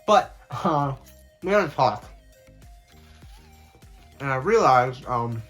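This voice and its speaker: A young man talks candidly while eating on camera, rambling with plenty of fillers and now and then speaking through a mouthful of food. His voice sits in a middle pitch, and faint music plays underneath. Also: lively intonation, slow, a bit bright. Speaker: mukbang vlogger. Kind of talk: casual chat while eating.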